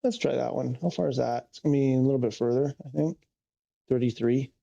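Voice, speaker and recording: A man's voice: medium pitch, fairly even intonation, fairly quick, vocal fry, mellow, lo-fi sound. A man streaming a flight game, chatting casually and thinking aloud as he corrects himself. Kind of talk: casual live-stream chat.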